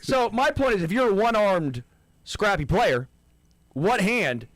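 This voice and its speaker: A man's voice: high-pitched, very animated, measured pace, fairly bright tone, no room sound. A man co-hosting a sports radio show, arguing his point eagerly in casual banter and stumbling over his words when pressed. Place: radio studio. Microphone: studio microphone.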